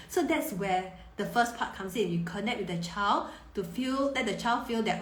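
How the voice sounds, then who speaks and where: A woman in her thirties, a parenting coach answering viewer questions on a live stream, warm and reassuring, often repeating words as she thinks. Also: medium pitch, lively intonation, moderate pace, few pauses. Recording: roomy echo.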